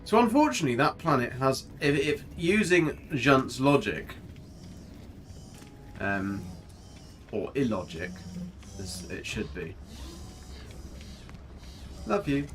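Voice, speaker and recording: A man's voice: medium pitch, very animated, takes it slowly, pauses often, a bit bright. Chatty man streaming a game. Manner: chatty, jokey, rambling, reads chat aloud. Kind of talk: casual live-stream commentary. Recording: faint music behind.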